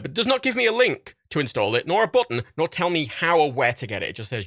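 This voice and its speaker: A man's voice: mid-range voice, big pitch swings, quick pace, bright, forceful tone. A young man hosting a casual livestream from his home office, rambling and swearing as he talks. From Britain. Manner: sweary, rambling, restarts often. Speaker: livestream host.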